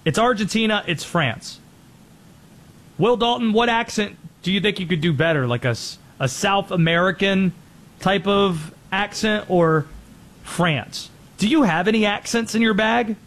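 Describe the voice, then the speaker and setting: A man hosting a sports show, talking through college football and the World Cup with energetic commentary. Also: sits high, measured pace.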